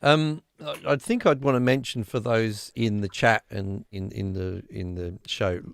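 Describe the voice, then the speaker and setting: A man hosting a music panel with a gravelly voice, asking drawn-out questions. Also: lowish voice, steady tone, no echo, studio quality. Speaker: host. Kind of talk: casual panel discussion.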